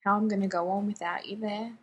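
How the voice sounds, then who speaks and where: A woman reading the part of a grieving young man who pleads softly and apologetically to his younger brother in a fan fiction reading. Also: mid-range voice, steady tone, a little fast, slightly rough, muffled recording, close to an everyday voice. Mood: pleading.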